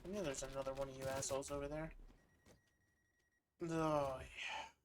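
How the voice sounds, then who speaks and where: A man's voice: mid-range voice, little pitch movement, moderate pace, a little hiss or hum. A man streaming a shooter game, talking to himself in a goofy, sleepy way and swearing freely. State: sleepy, worn out. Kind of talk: casual gaming commentary.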